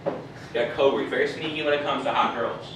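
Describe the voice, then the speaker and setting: In a bar basement, a young man does a stand-up set for a live crowd, talking fast at medium pitch with fairly even intonation, delivering punchy lines and muttered asides. He's recorded from a distance in an echoey room, with audience noise.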